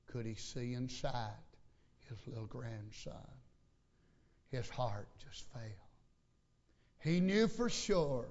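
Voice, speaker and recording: Folksy older preacher. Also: male voice, mid-range voice, darkish tone. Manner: folksy, emphatic storytelling. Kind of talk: sermon. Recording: lo-fi recording.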